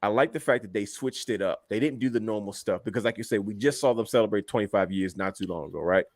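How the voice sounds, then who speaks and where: A man co-hosting a casual wrestling talk show, telling stories with animated energy, acting out quotes and laughing often. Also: lowish voice, fast talker, no echo, clean studio sound. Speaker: podcast co-host.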